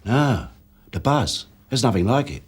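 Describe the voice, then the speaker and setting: An actor playing a rueful captured armed robber who talks wryly about the thrill of crime. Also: male voice, medium pitch, animated, measured pace, breathy edge. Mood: confiding. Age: 60s. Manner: wry, confiding, storytelling. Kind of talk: TV police drama acting.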